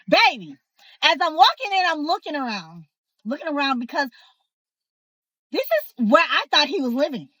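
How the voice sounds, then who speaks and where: A young woman telling a personal story in a casual, sassy, animated way, speaking straight to her viewers. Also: high-pitched, a little slow, long pauses, no room sound, poor audio. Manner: animated, sassy, talks to the viewer, acts out others' voices. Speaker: storyteller host.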